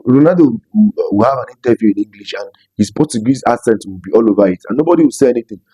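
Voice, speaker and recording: Emphatic Nigerian man with a dark voice. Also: mid-range voice, lively intonation, fast talker, dry recording, rough recording. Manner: emphatic, preachy, repeats phrases for stress. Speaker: commentary vlogger. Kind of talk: opinion commentary vlog.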